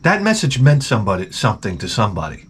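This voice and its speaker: A man's voice: on the low side, huge pitch swings, quick pace, heavy background noise. A man telling a rambling, profane, comically exasperated story in a casual vlog. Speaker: vlogger.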